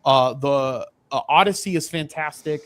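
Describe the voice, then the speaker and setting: A man with a fairly high voice hosts a casual livestreamed chat show. He rambles from point to point and restarts his sentences often. He keeps up an easygoing, off-the-cuff flow. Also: moderate pace. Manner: rambling, many restarts and asides. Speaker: podcast co-host.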